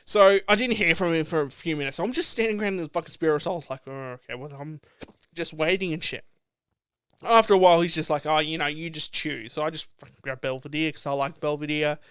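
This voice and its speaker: A young man co-hosting a podcast, chatting casually over drinks and telling stories in an animated, sweary way. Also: fairly high pitch, fast, clean tone, no echo. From Australia. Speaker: podcast co-host.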